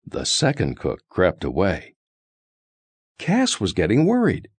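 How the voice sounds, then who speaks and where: A man reading a children's story aloud in a slow, expressive, sing-song way. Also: deep voice, breathy edge, no echo.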